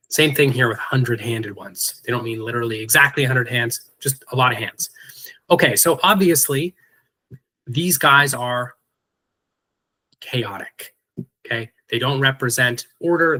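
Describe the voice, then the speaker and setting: A man's voice: mid-range voice, pushed and bright, poor audio. A man teaching an online mythology class, explaining in a casual way with asides and fillers.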